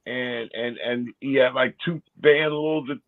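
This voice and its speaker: A man's voice: medium pitch, fairly even intonation, measured pace, narrow, tinny audio. A man chatting casually and wryly as a guest on a podcast. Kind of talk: casual chat.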